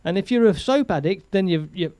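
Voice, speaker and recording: A man's voice: sits high, animated, fairly quick, dark tone, no echo. A man hosting a casual live stream, chatting, laughing and reading out viewer comments. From England. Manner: chatty, rambling, laughs often, reads viewer comments aloud.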